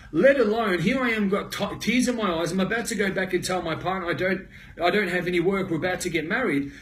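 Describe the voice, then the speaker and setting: Intense high-voiced Australian man. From Melbourne, Australia. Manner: intense, emphatic, swears often. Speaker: motivational speaker. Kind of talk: personal story told to camera.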